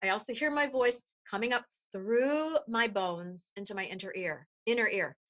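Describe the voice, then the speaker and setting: A woman voice coach explaining voice resonance in an animated, demonstrative way during an interview. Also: mid-range voice, moderate pace, highs cut off. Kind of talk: interview conversation.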